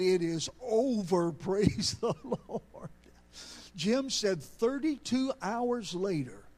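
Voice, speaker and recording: A man preaching a sermon, telling a story with slow, emphatic delivery that rises into bursts. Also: high voice, darkish tone.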